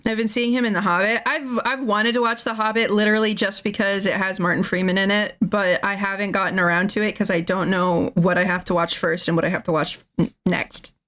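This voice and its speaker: A woman's voice: mid-range voice, fairly even intonation, brisk, fairly bright tone. A woman streaming casually, rambling and laughing often as she draws and chats. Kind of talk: casual chat while drawing.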